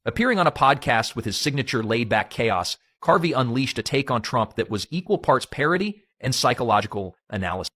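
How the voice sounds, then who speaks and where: A man's voice: mid-range voice, big pitch swings, a little fast, hardly any pauses, a bit bright, dry recording, studio quality. A man narrating in a dramatic, hyped teaser style. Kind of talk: scripted narration.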